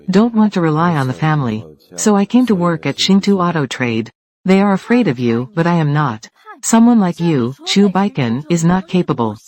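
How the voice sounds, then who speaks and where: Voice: medium pitch, darkish tone, close to an everyday voice. A dubbing voice performing corporate rivals in a drama, delivering short, confrontational lines. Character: corporate rivals trading threats over control of a company. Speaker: dub voice for several characters. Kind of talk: dubbed drama dialogue.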